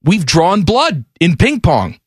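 A man's voice: high voice, wildly swooping pitch, takes it slowly, slightly rough, dry recording, clean studio sound. A man hosting a sports radio show, joking and bantering casually. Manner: playful, joking.

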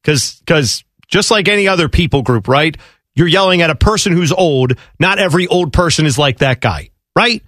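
A man's voice: fairly high pitch, lively intonation, moderate pace, a bit bright, no echo. A male radio co-host chiming in with agreeable, conversational reactions in a studio. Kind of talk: conversational talk radio banter.

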